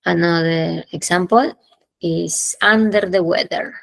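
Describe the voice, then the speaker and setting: A woman runs an English lesson, moving between English and as she explains idioms. Her voice sits fairly low with a gravelly edge, and the sound is dry and close. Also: fairly even intonation, unhurried, a bit bright, dry recording, rough recording. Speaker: English teacher.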